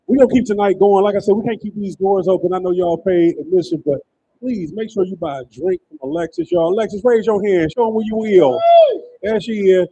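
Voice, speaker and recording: A man hosting a stand-up comedy show, doing crowd work and joking loudly between acts. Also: sits high, expressive, a little fast, slightly rough, highs cut off. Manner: loud, laughing, banters with the crowd.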